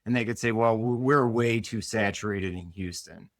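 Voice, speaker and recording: A man's voice: on the low side, moderate pace, no room sound, studio quality. A man with a US Northeastern accent on a panel, talking in an earnest, emphatic way and laughing easily. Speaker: co-host. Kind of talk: casual panel talk.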